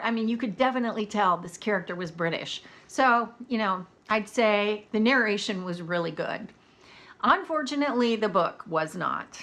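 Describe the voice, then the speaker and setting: An American woman in her twenties or thirties, chatting candidly in a casual video review of audiobooks. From United States. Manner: chatty, candid, animated pitch swings.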